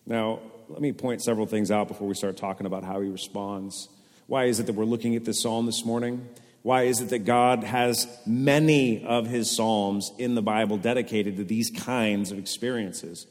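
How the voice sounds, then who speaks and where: A man, preaching a sermon to his congregation in a casual, conversational and expressive way. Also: mid-range voice, moderate pace. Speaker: pastor. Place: church sanctuary. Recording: long reverb of a church hall.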